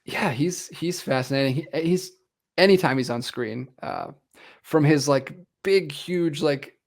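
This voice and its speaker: A man's voice: fairly high pitch, measured pace, vocal fry. A man co-hosting a film podcast, chatting casually and acting out characters' lines as he retells scenes. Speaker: podcast co-host.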